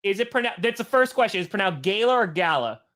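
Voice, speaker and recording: A man's voice: extremely high pitch, very fast, a bit bright. A man co-hosting a casual sports podcast, laughing often and trailing off into restarts. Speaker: podcast co-host.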